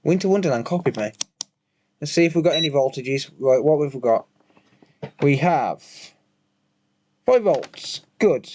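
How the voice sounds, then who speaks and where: A man's voice: fairly high pitch, animated, a little slow, long pauses, darkish tone, slight background noise. A man chatting casually on a live repair stream, joking, swearing and answering his chat as he works.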